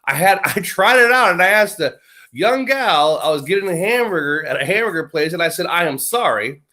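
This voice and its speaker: A man's voice: high voice, expressive, fairly quick, pushed and bright. An American man in casual chat, rambling and joking, often breaking into laughter mid-sentence. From United States. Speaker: guest. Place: lives in Britain.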